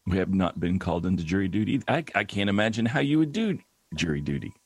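A man with a very low, husky voice hosts a casual podcast chat. He talks fast with lively pitch and keeps jumping in with quick questions. The sound is dry and close. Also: no room sound. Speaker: podcast host.

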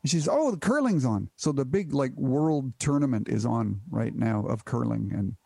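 A man's voice: mid-range voice, animated, moderate pace, gravelly, mellow, slightly rough, no room sound, clean studio sound. A man from Canada in casual comedic chat, tossing in crude wisecracks. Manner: wisecracking, crude one-liners.

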